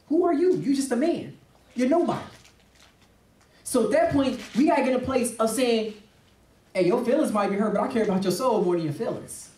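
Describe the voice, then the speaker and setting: The speaker is a man, a pastor, whose voice is very high yet darkish in tone. Preaching passionately within a discussion, he is emphatic and imitates the voices of people he quotes, recorded from a distance in a roomy space.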